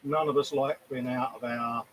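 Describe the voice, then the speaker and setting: A talkative man chatting in a relaxed, jokey way at his workbench, teasing himself and slipping into quick mock voices. His voice sits at an ordinary middle pitch, with a faint hiss behind it. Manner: chatty, jokey, self-mocking, breaks into quoted voices. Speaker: co-host of a model-building livestream. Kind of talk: casual chat.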